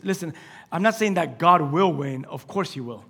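A male pastor preaching a sermon, telling scripture stories with animated acted-out dialogue, swinging between loud exclamations and hushed asides. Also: high voice, moderate pace, breathy edge. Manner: animated storytelling, acting out scripture scenes.

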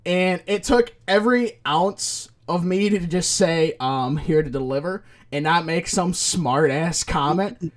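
A man's voice: high voice, normal speed. A man co-hosting a podcast, telling rambling casual stories and swearing freely. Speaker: podcast co-host. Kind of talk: casual chat.

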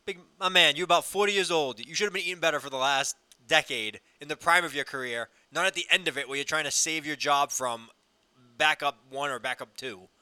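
Bright-voiced blunt radio co-host. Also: male voice, on the high side, fairly quick, clear, resonant tone, no room sound. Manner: blunt, wry, storytelling. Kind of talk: casual sports radio chat.

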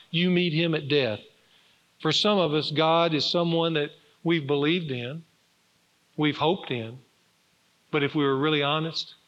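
A man's voice: on the high side, fairly bright tone. Earnest preaching man, echoing sanctuary. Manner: earnest, emphatic preaching with rising and falling force. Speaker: pastor. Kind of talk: sermon. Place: church sanctuary. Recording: dull reverberant church recording.

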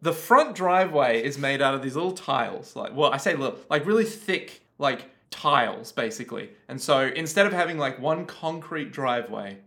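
A man's voice: medium pitch, animated, normal speed, hardly any pauses, fairly bright tone. A man with an Australian accent co-hosting a podcast, chatting casually, rambling off on tangents and swearing freely. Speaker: podcast co-host. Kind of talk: casual chat.

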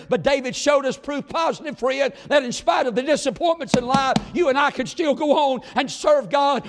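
A man preaching a revival sermon in a fervent, folksy style. His delivery swings between loud exclamations and low, drawn-out asides. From southern United States. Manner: folksy, plain-spoken country talk.

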